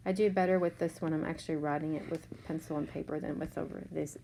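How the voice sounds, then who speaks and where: A woman's voice: sits low, steady tone, quick pace, creaky, mellow, slight background noise, poor audio. Patient teacher woman sounding out letters. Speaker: third grade teacher. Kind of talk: remote spelling lesson.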